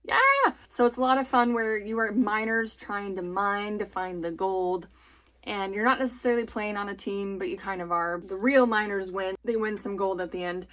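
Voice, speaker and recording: Here a woman in her thirties who homeschools her kids talks up family board games, laughing often in a casual, chatty review. Her voice is mid-range and steady, moving at a normal speed.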